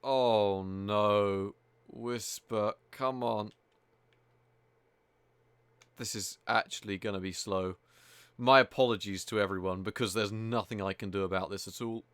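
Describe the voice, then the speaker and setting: A man's voice: on the low side, measured pace, long pauses, fairly bright tone, clear, resonant tone, dry recording. A man casually commenting live over a gameplay stream, chatty and exasperated, swearing freely as he talks. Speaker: game streamer.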